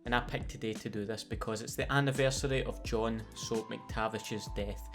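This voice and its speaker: A Scottish man talking in a sardonic, sweary way, with a playful storytelling manner. He sounds like a gaming YouTuber reading a scripted comedic commentary, his pitch sitting in an ordinary middle range. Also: steady tone, normal speed, over music. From Scotland.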